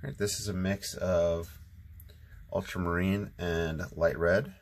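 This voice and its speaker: A man with a very low voice talks casually through a watercolor session at home. He rambles a little, fills pauses with ums and sounds like he has only just woken up. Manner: relaxed, rambling, many ums. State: sleepy, just waking up. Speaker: watercolor channel host. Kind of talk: casual painting tutorial narration.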